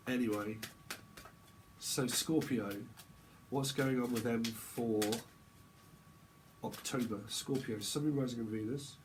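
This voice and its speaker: A man's voice: mid-range voice, fairly even intonation, slow pace, pauses often, background noise. A man giving a casual, rambling tarot reading, joking and laughing often. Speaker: tarot reader.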